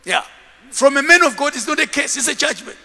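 A man preaching a sermon as a bishop, telling stories in an animated way and acting out the scenes. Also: very high-pitched, brisk, long reverb tail.

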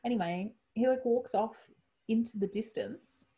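A woman's voice: on the high side, moderate pace. A woman with an Australian accent telling a story in a casual chat, laughing often and acting out what people said. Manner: animated, laughs often, acts out quotes.

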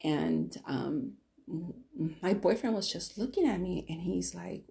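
Female podcast host, low dark voice with vocal fry, candid rambling monologue. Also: sing-song, measured pace. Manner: candid, rambling storytelling with many restarts.

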